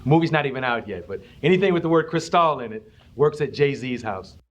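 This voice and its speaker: A man's voice: medium pitch, animated, fairly quick. A man from Cleveland giving wry, joking interview answers. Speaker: voice actor interviewee.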